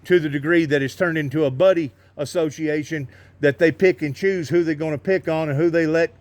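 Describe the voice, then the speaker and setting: A man's voice: a little high, fairly even intonation, brisk, a little mellow. Southern man firing leading questions. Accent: Southern American. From American South. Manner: pointed leading questions with tag questions, folksy grammar. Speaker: interviewer on a street corner. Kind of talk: casual street interview.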